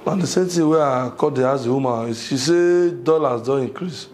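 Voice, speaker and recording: A man's voice: mid-range voice, normal speed, a little mellow, soft background music, lightly acted. A man with a Nigerian accent playing a cheeky, scheming young houseboy in a comedy skit, rambling in Pidgin-laced English. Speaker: comedy skit actor and channel creator.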